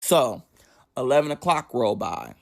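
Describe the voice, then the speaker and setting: A man telling a story from his own life in a casual monologue, animated and dramatic, with constant swearing. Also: medium pitch, unhurried, creaky.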